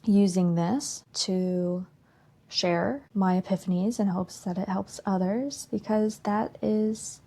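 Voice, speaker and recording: A woman's voice: medium pitch, fairly even intonation, takes it slowly, dark tone. A woman hosting a spiritual self-help podcast, talking casually and frankly in a playful put-on country drawl and laughing often. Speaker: podcast host.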